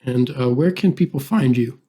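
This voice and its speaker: A man hosting a podcast interview, chatting in a relaxed way and telling stories with lots of fillers. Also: medium pitch, normal speed, slightly rough. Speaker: podcast host. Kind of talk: casual interview.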